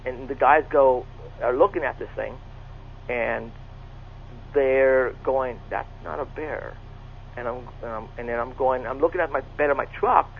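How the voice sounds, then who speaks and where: A man's voice: mid-range voice, vocal fry. A middle-aged man earnestly telling a personal encounter story, often repeating himself and restarting his sentences. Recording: tinny phone line with faint noise.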